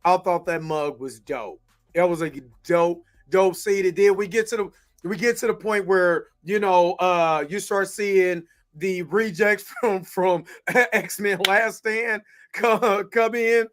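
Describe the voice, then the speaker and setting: High-voiced man chatting animatedly. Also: slow pace. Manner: animated, laughs often, acts out lines. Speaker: host. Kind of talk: casual movie review chat.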